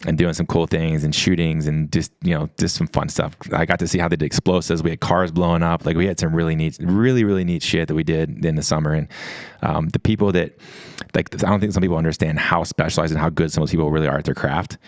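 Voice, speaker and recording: A man's voice: rumbling low, steady tone, fast talker, no room sound. A middle-aged man from the US East Coast telling stories in a casual chat, rambling with many restarts and quoted dialogue. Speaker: podcast guest. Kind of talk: casual storytelling.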